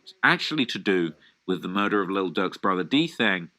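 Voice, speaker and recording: A man hosting a live hip-hop news reaction stream, reading posts aloud and commenting in an animated, slangy way. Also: low-pitched, normal speed.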